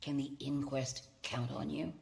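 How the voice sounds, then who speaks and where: A cool, gravelly agent. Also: female voice, extremely low pitch, fairly even intonation, a little slow, darkish tone, full character voice. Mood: businesslike. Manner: crisp and precise. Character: cool, businesslike female agent.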